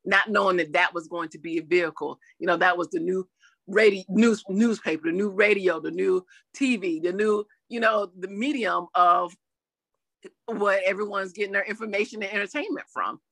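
In this interview, a middle-aged YouTube comedian speaks at medium pitch and normal speed on a dry recording. She's animated, laughs a lot, and performs quotes in various voices.

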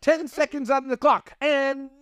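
A man co-hosting a comedy podcast, hyping up jokes with mock excitement. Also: extremely high pitch, unhurried, dry recording. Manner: mock-hype exclamations. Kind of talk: sketch comedy podcast banter.

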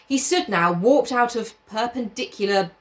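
A woman's voice: a little high, moderate pace. A young woman, reading a novel aloud in a casual chat, often laughing and breaking off to swear and comment.

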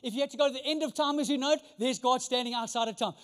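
Pastor, man with a high voice, emphatic sermon delivery, long hall reverb. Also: racing, smooth. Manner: emphatic preaching with rhetorical questions.

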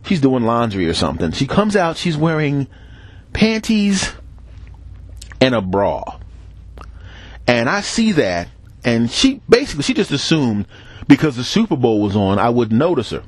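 A man's voice: mid-range voice, normal speed, long pauses, no echo. A middle-aged man hosts his own podcast and tells casual comic stories. His voice swings up and down as he acts out the people in them. The recording is close and dry. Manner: animated, acts out quoted voices, laughs between bits. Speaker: podcast host. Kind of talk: casual comic storytelling monologue.

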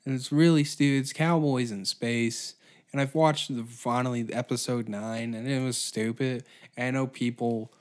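A man's voice: mid-range voice, fairly even intonation, moderate pace. A man hosting his own podcast, ranting sarcastically with heavy swearing, frequent stutters and restarts. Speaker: podcast host. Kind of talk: casual solo podcast rant.

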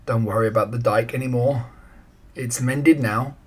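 A man voicing a gentle, reassuring father in a read-aloud storybook. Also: mid-range voice, steady tone, normal speed, breathy edge, natural voice. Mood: tender, proud. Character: kind, proud Dutch father.

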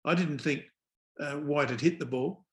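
A man's voice: fairly high pitch, normal speed, fairly bright tone. An older man, a former umpire telling wry anecdotes as a guest in a casual interview.

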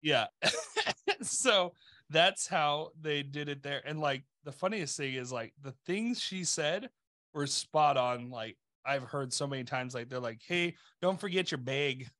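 Bright-voiced joking man. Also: medium pitch, unhurried. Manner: jokey, interjecting. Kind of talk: casual chat.

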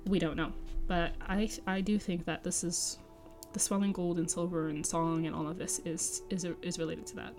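A woman's voice: fairly low pitch, little pitch movement, normal speed, music in the background. A woman hosting a podcast, reading a book aloud and breaking off for chatty, enthusiastic asides full of fillers. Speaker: podcast host and reader. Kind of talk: book reading with casual commentary.

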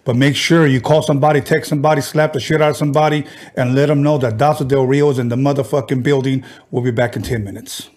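A man's voice: mid-range voice, steady tone, quick pace, few pauses, a little mellow. A man hosting a podcast in a brash, profane, hyped-up way. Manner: brash, profane, hype promo delivery. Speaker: podcast host.

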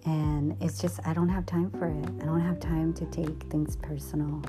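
A woman's voice: sits low, level tone, normal speed, over music. A middle-aged woman hosting a podcast, candidly telling a personal story in a rambling way, full of restarts and fillers.

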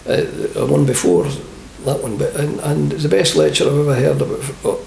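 An older Scottish man, a former football manager, telling lively anecdotes in an interview and acting out the voices of the people in them. The sound is an echoey room with faint hiss. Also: fairly high pitch, brisk, creaky. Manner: animated storyteller, acts out quoted voices.

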